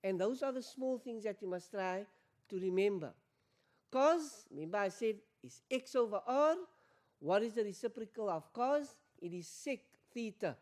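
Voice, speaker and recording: A woman's voice: mid-range voice, lively intonation, moderate pace, darkish tone. Lady teaching maths revision, keeps asking the class questions, repeats stuff, calls them guys. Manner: repeats key points and quizzes learners with questions; addresses learners as guys. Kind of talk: exam revision lesson.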